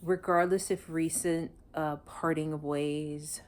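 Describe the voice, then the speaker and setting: A woman's voice: deep voice, fairly even intonation, slow pace, a little mellow. A woman doing a casual tarot reading, blunt and emotional, swearing freely. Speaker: tarot reader.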